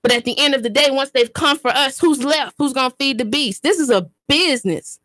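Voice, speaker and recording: A high-pitched woman, talking into a studio microphone on her own radio show. She speaks with emphatic, preacher-like repetition. The sound is close and dry. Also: a little fast, a bit bright, dry recording. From Chattanooga, Tennessee, US. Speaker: radio show host and community activist. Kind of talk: impassioned talk radio monologue.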